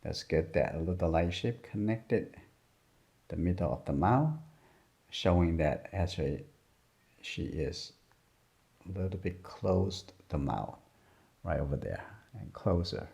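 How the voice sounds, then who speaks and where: A man with a deep, gravelly, mellow voice talks an art lesson through as he draws. He murmurs in short, simple, broken phrases. The recording is dull and lo-fi. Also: expressive, slow pace, long pauses. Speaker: art teacher. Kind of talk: drawing lesson narration while working. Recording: dull lo-fi sound.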